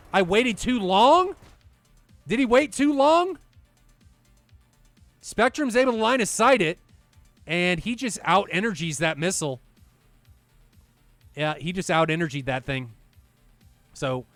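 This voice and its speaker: A man giving excitable play-by-play commentary on a flight combat match, talking straight to the viewers. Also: high-pitched, no room sound. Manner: excitable, talks to the viewers directly. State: out of breath at times. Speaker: esports commentator.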